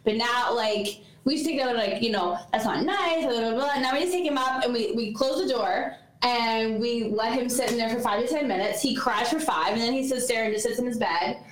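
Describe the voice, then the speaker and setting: Sex: woman. Role: podcast co-host. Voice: fairly high, chatty and anecdotal. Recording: echoey room. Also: a little fast, hardly any pauses. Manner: chatty, anecdotal, laughs easily. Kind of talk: casual chat.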